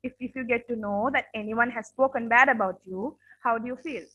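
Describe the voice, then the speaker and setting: A woman with a high, bright voice teaches a classroom lesson on manners. She speaks earnestly, repeats herself often and keeps asking her students whether they follow. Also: a little fast, dull audio.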